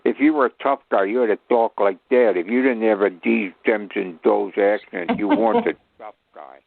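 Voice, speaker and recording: A man's voice: lowish voice, normal speed, vocal fry. A man in his eighties from Chicago, a guest telling stories in a rambling, humorous, self-mocking way. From Chicago, USA. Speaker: guest, actor. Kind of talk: rambling anecdotal storytelling. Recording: tinny phone line.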